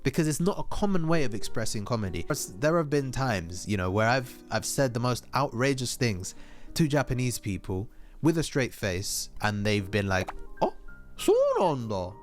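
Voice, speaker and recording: A man's voice: mid-range voice, expressive, normal speed, faint music behind. A man hosting a casual vlog in a joking, chatty way. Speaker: host.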